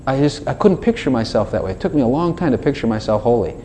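A man's voice: medium pitch, fast talker, a little hiss or hum. A man preaching a casual, conversational sermon, acting out his own prayers and God's replies in shifting voices. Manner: animated, acts out dialogues with God in shifting voices. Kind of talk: informal sermon.

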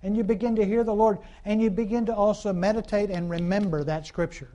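A man's voice: high-pitched, steady tone, brisk, dark tone. A man preaching a conversational sermon in a folksy, repetitive way, full of fillers and call-and-response asides.

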